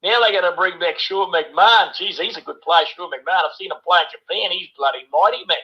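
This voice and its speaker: A high-pitched, brisk, sharp male voice comes through dull audio. A New Zealand man in his sixties rambles through a rugby voice message, dropping "bloody" and "eh?" into nearly every line.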